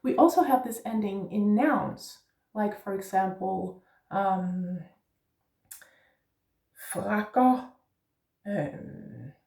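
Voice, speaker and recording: A woman's voice: mid-range voice, slow pace, gravelly, mellow, echoey room, far from the mic. A woman teaching Danish pronunciation, patiently spelling out letters and checking in with "yeah?". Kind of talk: pronunciation lesson.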